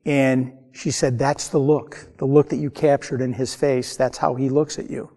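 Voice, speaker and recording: An older man from the American Midwest, a painter, telling true stories in an earnest, unhurried way with pauses. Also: medium pitch, little pitch movement, dark tone. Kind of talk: storytelling interview. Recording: hall reverb.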